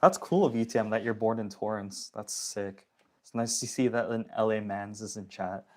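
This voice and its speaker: A man's voice: fairly low pitch, normal speed, darkish tone. Slangy young man on a livestream. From Toronto area, Canada. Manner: slangy, chatty, reads chat comments aloud. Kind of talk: casual livestream chat with viewers. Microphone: phone.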